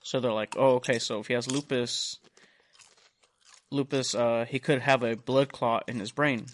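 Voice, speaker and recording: Speaking at normal speed with a medium-pitched voice, this young man hosts a podcast and spins a lengthy, profanity-laced tale. He acts out the others' dialogue in quoted voices. Slight background noise is audible.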